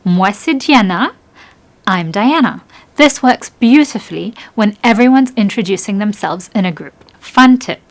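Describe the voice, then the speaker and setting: A young adult woman presenting a scripted language lesson in an upbeat, encouraging way, slowing down to model phrases. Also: mid-range voice, animated. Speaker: French language teacher.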